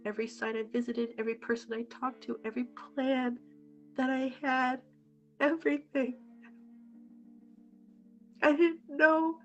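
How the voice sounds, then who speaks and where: A woman's voice: high-pitched, dull audio. A woman earnestly describing her own experience in an interview, stressing each point in a list. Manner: earnest, emphatic listing. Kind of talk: personal testimony.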